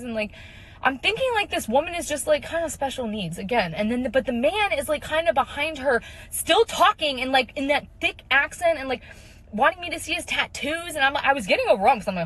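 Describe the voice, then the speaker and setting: A woman's voice: sits high, animated, a little fast, fairly bright tone, low-quality recording. A young woman, a mother of four, telling a story in a chatty, filler-heavy way and acting out the people in it. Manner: chatty, lots of fillers, quotes people in voices. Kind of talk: casual storytelling video.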